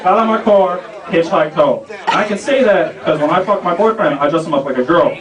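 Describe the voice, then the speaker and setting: A young man doing a stand-up set in a lounge, rambling loosely toward deadpan punchlines. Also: high-pitched, fairly quick, distant mic, heavy background noise. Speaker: stand-up comic. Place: small restaurant lounge stage. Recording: roomy club sound, from off-mic, loud crowd. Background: audience laughter.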